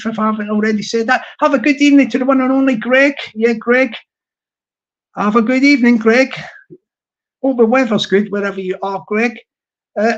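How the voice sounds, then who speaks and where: A man, talking casually on his live stream in a rambling, halting way full of fillers and restarts. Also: very high-pitched. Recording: dull lo-fi sound.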